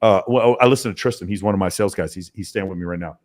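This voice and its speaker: A man talking as a podcast guest about his sales team, in an emphatic, profane, rapid-fire way. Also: low-pitched, darkish tone. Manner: emphatic, profane, talks in long runs. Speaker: podcast guest, mentoring business owner. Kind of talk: casual podcast interview.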